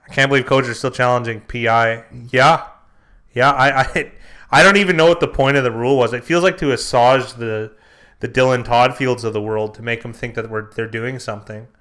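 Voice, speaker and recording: Bright-voiced excitable man. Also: mid-range voice, clean tone. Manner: excitable, quick to shout at plays. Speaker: co-host. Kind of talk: casual sports watch-along chat.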